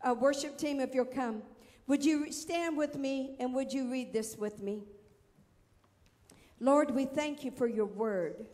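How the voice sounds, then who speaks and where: A woman pastor preaching a sermon, slow and emphatic, calling on the congregation to read and respond aloud. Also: high-pitched, mellow, in a large hall. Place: church sanctuary.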